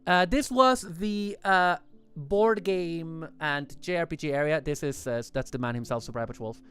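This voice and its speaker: A livestream host chatting casually over photos in a rambling, excitable way, often correcting themselves mid-sentence. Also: mid-range voice, normal speed, clean tone, soft background music.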